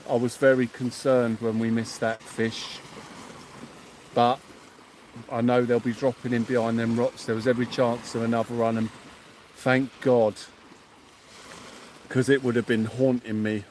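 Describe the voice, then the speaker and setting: Man, fishing livestream host, effusive, mid-pitched, faint outdoor noise behind. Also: darkish tone. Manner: effusive, thanks viewers by name. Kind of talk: excited livestream chat. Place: outdoors at night by the sea.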